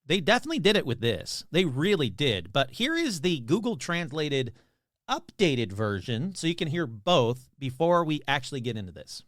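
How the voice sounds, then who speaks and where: A man's voice: a little high, very animated, moderate pace, fairly bright tone, no echo, studio quality. A man hosting his own podcast, talking casually in a chatty, rambling, self-deprecating way. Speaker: podcast host.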